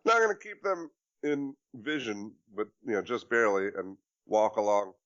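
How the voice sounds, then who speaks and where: A man's voice: fairly low pitch, very animated, normal speed, fairly bright tone, dull audio. A man playing in a tabletop game, chatty and laughing. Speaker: player. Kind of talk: casual tabletop play.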